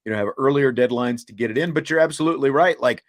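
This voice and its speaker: A man's voice: medium pitch, fast. Rambling middle-aged man hosting a sports chat. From Kansas. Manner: rambling, lots of "you know, like" fillers. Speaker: podcast host. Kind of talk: casual sports talk show chat.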